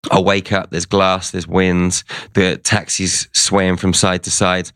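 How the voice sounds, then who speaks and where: A man's voice: sits low, flat delivery, takes it slowly, fairly bright tone, dry recording. A man, a guest in an interview, telling a story in a casual way and quoting what people said. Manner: conversational, retells events with quoted dialogue.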